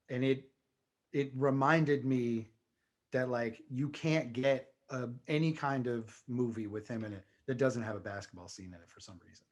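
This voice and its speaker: Dry-witted male co-host, mid-pitched, easy banter. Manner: wry, dry humor. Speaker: podcast co-host. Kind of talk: casual chat.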